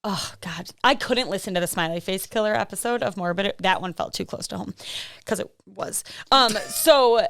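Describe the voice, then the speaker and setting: A medium-pitched, fairly bright female voice at normal speed belongs to a Midwestern podcast co-host chatting casually about true crime. She rambles, laughs a lot and leans on fillers. There's no room sound in this studio-quality recording.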